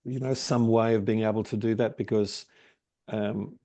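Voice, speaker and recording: A man in a workshop group asking a question hesitantly, with many pauses and ums. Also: on the low side, steady tone, warm tone, no echo. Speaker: workshop participant.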